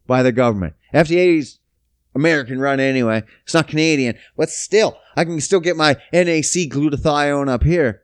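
A man's voice: on the high side, normal speed, no room sound, clean studio sound. A man ranting casually, profane, sarcastic and rambling. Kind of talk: casual rant.

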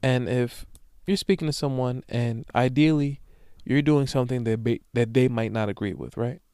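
A man's voice: medium pitch, moderate pace, mellow, smooth, dry recording, clean studio sound. A young man hosting a solo podcast, talking casually and profanely in slang, rambling through stories and often asking "you know what I'm saying". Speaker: podcast host.

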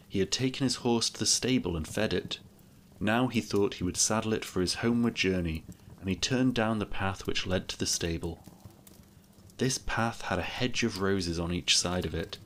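A man reading a fairy tale aloud as a storyteller, in an even, measured way. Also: deep voice, slight background noise.

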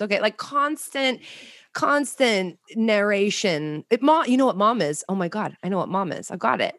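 A woman hosting a podcast in an animated, chatty way, full of fillers. Her pitch swings widely as she tells stories. The sound is dry and close to the mic. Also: moderate pace, no room sound. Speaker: podcast host. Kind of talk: casual chat.

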